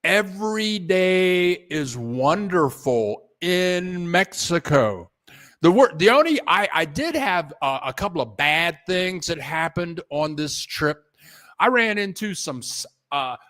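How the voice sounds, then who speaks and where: Slow-talking, halting male livestream host. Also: a little high, bright, forceful tone. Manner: halting and repetitive, restarting sentences, grateful and chatty. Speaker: livestream host reading viewer donations. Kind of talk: casual rambling livestream chat. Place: at home at his computer.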